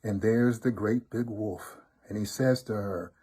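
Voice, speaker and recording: A man reading a folk tale aloud to listeners, with expressive, rhythmic storytelling. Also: on the low side, measured pace, slightly rough. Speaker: storybook reader, fraternity member.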